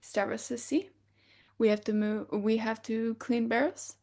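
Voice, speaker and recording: This podcast co-host from the United States has a voice on the high side and speaks at a measured pace. She shares stories in a casual conversation, animatedly performing others' quotes and laughing a lot.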